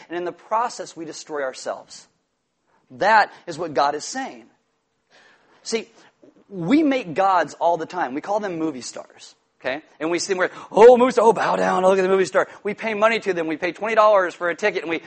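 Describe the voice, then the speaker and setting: A man preaching a sermon, telling a childhood story with lively quoted voices and asides. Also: high voice. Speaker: pastor.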